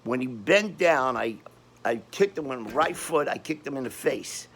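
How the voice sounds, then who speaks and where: Older Brooklyn guy with a gravelly edge, spinning a tough-neighborhood yarn, loose and rambling. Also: mid-range voice, normal speed, slight background noise. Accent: Brooklyn New York. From Brooklyn, New York. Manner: rambling, animated street-tough storytelling with frequent restarts. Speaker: storyteller. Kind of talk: casual storytelling.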